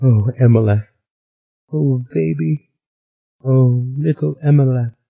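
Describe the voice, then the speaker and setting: A man's voice: fairly low pitch, a little slow, husky, narrow, tinny audio. A male audiobook narrator voicing a distraught woman who screams and sobs. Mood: sobbing. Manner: frantic, choking. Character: desperate distraught woman, screaming then sobbing.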